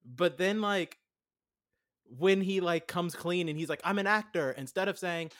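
A man's voice: high voice, unhurried, a bit bright. A man in a casual film chat, rambling and saying "like" a lot as he animatedly retells scenes. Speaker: podcast co-host.

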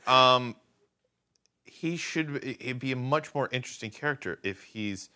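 Male podcast co-host, bright and forceful tone, sarcastic ranting film talk. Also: medium pitch, lively intonation, measured pace. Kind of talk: casual film review chat.

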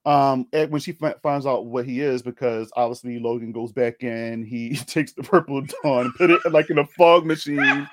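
A man's voice: mid-range voice, moderate pace, hardly any pauses, no room sound, clean studio sound. Laughing, rambling young man. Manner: rambling, laughing, lively retelling. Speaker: podcast co-host. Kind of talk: casual film discussion.

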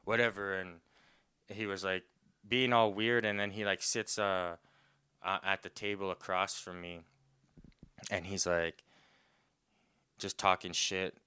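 A young man tells a rambling story in a low, bright, crisp voice, stuffing "like" into every pause. He often breaks off to laugh. The close mic gives a dry, roomless sound. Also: flat delivery, no room sound. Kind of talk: casual storytelling chat.

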